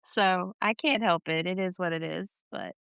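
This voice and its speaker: A woman from North Florida talks with a Southern accent, folksy and quick to laugh as she co-hosts a podcast. Her voice is smooth and clear, close to a dry mic. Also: fairly low pitch, a bit bright, no room sound. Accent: Southern American. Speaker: podcast co-host. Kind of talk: casual chat.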